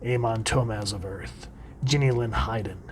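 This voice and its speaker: A man's voice: fairly low pitch, moderate pace, slight background noise. Casual male comic reviewer. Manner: conversational, trails off quietly at phrase ends.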